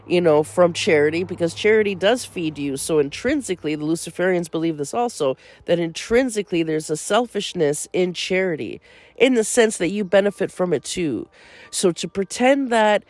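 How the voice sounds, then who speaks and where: A woman's voice: fairly low pitch, a little mellow, no echo. Woman hosting a faith podcast, earnest and fired up, dry close mic. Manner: earnest, turns incredulous and indignant. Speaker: host. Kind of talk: religious podcast monologue.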